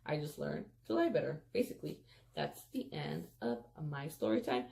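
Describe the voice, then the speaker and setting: Low-voiced woman chatting through a storytime. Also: moderate pace, vocal fry. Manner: chatty, addresses viewers as "you guys", heavy "like" and "freaking"; animated, emphatic retelling. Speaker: storyteller vlogger. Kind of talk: casual storytime vlog.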